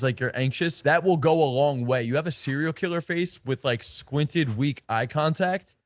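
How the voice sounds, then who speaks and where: A man's voice: medium pitch, dry recording. Blunt, profane male dating coach. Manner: blunt and profane, slangy, emphatic. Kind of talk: casual coaching lecture.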